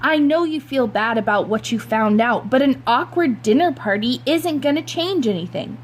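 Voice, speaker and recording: A woman's voice: high-pitched, lively intonation, normal speed, pitched above the performer's own voice. A woman reading aloud voices a middle-aged father who mutters defensive, sarcastic complaints. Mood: grumbling.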